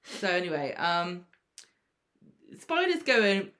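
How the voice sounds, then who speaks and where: A woman recapping a soap episode in relaxed chat. She slips into quick impressions of the characters, her voice rising and dropping as she gets carried away. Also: fairly low pitch. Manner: animated, acts out characters' lines in quick impressions.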